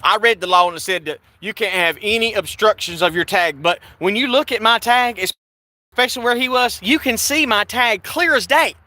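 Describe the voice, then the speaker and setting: An agitated man tells his story in a high, keyed-up voice. His tone is bright and sharp, and he stumbles, repeats himself, and acts out both sides of the argument as he talks. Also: normal speed, dry recording. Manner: agitated, repetitive, restarts and acts out exchanges. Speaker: video creator recounting an arrest. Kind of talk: angry first-person account. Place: in a vehicle.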